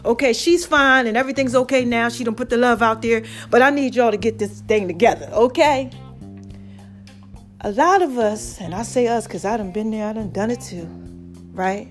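A woman casually telling a story to her viewers, animated and emphatic, speaking straight to the audience. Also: fairly high pitch, normal speed, soft background music.

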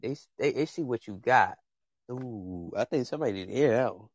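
A man's voice: mid-range voice, animated, brisk, breathy edge, no echo. Young man, AAVE speech, podcast host, passionate rambling advice, dry close sound. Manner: passionate, rambling, talks straight to viewers. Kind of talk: casual chat, preachy advice.

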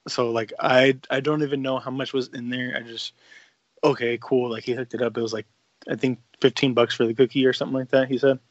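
A young man in casual podcast chat, swearing freely and acting out quoted lines as he tells a story. His voice sits in an ordinary middle pitch. It sounds dry and a bit dull, as if from a close, low-fi home mic. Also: flat delivery, brisk, dry recording. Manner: laid-back, profane, acts out quotes. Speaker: podcast co-host.

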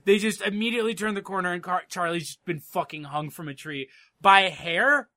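A man's voice: high voice, a little fast, pushed and bright. A man co-hosting a podcast, chatting casually and laughing often as he retells scenes from a TV episode in mock quotes. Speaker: podcast co-host. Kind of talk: casual chat recapping a TV episode.

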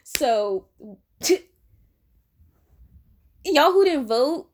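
A woman's voice: high-pitched, animated, extremely slow. A young woman giving a blunt, profane, confrontational rant to camera.

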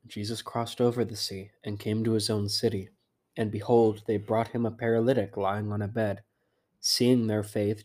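A man giving a steady, measured scripted Bible reading, slowing down for emphasis on quoted words. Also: fairly low pitch. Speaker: scripture reader.

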